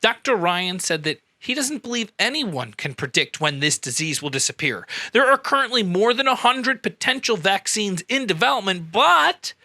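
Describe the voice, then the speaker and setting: A man hosting a satirical news show, delivering a sarcastic, mock-outraged monologue with sudden jumps up in pitch. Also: big pitch swings, moderate pace, few pauses, pushed and bright, no room sound. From US Midwest.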